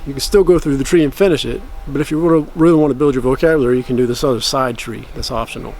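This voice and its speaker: A man's voice: mid-range voice, fairly even intonation, darkish tone. Man, casual vlogger, rambling self-correcting explanations, mid-range voice. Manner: slow careful practice of phrases. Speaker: language-learning vlogger. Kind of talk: casual talk to camera.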